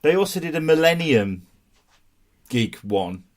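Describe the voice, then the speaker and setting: A man's voice: fairly high pitch, sing-song, measured pace. A man with a Black Country accent hosting a podcast over a video call, chatting casually and laughing often. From England. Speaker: podcast host. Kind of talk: casual chat.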